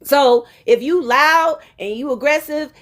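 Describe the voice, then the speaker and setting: A woman's voice: high voice, a little slow, a bit bright. A woman giving a live-stream relationship talk, emphatic and preachy, speaking straight to her viewers in casual slang.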